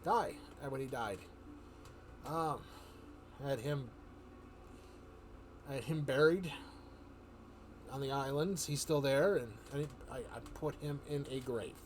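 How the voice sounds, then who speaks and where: A man's voice: medium pitch, slow pace, pauses often, a little hiss or hum. A man streaming live, telling a rambling story in casual chat, often chuckling and restarting his sentences.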